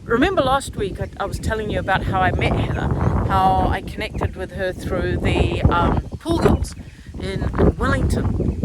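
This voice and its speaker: Frank outspoken woman outdoors, wind on mic. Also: fairly low pitch. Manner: frank, swears freely, animated and excitable. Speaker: spiritual channeller and podcaster. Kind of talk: casual storytelling vlog. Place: outdoors, standing on the ground.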